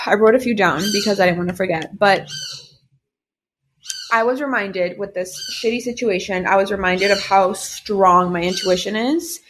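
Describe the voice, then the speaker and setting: A woman's voice: mid-range voice, normal speed, background noise. A young adult woman in casual chat, recounting a personal story candidly and heatedly, swearing often and leaning on filler words. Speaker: podcast co-host telling a personal story.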